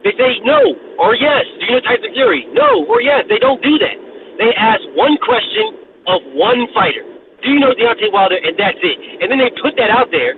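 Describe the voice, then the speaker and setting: A man with a high, lively voice rants about boxing in casual, profane chat, repeating phrases as he builds his case. He comes through a thin, phone-like line with steady noise behind him. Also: normal speed, vocal fry. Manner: animated, profane, repeats himself and restarts. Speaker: boxing talk show co-host.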